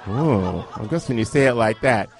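A man telling a comic story in boisterous, profane, animated chat. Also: medium pitch, quick pace.

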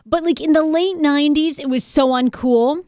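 A woman's voice: high-pitched, moderate pace, a little mellow, dry recording, clean studio sound. A woman in her thirties hosting a podcast in casual, rambling chat, peppered with "like". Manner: chatty, rambling, many likes. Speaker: podcast host.

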